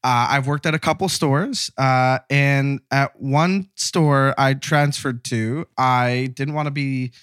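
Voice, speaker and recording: A man in his thirties, a caller, telling a workplace story in a casual, animated way, acting out his coworkers' lines. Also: mid-range voice, slow pace, few pauses, clear, resonant tone, no echo, studio quality. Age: 30s.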